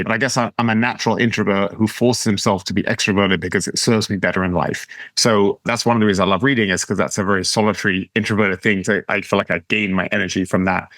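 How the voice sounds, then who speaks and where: Male podcast host, low-pitched, hesitant, lots of restarts, dry close sound. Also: dry recording. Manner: hesitant, restarts often, warmly affirming. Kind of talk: conversational podcast interview.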